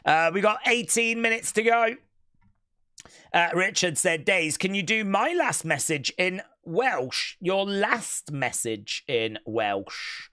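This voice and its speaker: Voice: mid-range voice, animated, takes it slowly, bright, forceful tone. A stream host talks casually into a desk mic, reading out chat comments with a playful touch. The voice rises and falls a great deal. It sounds chatty and unscripted. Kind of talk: casual watch-along chat.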